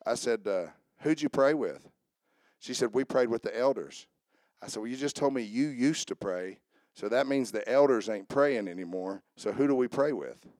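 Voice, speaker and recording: A man's voice: mid-range voice, darkish tone, dry recording, studio quality. A man preaching a sermon as pastor, fervently asking the congregation questions and answering them. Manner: preaching with rising fervor and call-and-response questions.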